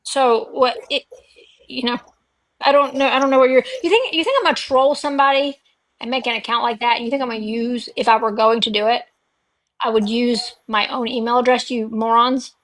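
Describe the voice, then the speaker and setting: A woman's voice: on the high side, brisk, a bit bright, no echo, poor audio. A woman on a livestream, ranting in a heated, profane way. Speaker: livestream guest. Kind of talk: casual chat.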